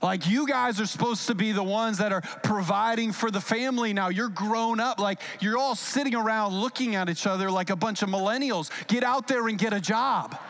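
A man's voice: sits high, normal speed, hardly any pauses, fairly bright tone, poor audio. A man voicing a cranky old father who nags his grown sons in an exasperated way. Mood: scolding. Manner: exasperated, nagging.

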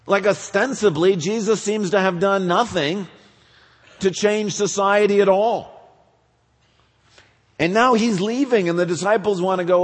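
A male pastor preaching a sermon, animated, acting out questions in quick bursts. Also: sits high. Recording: reverberant church hall.

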